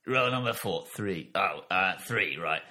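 A man's voice: low voice, lively intonation, moderate pace, pushed and bright, exaggerated voice. A man doing an improvised impression of God as a cheeky, offhand Cockney geezer with a Cockney accent. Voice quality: gruff, offhand, wheeler-dealer banter.

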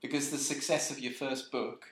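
A man's voice: medium pitch, level tone, moderate pace, fairly bright tone, reverberant. A man co-hosting a podcast, teasing his friend with silly hypothetical questions in casual chat. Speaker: podcast co-host.

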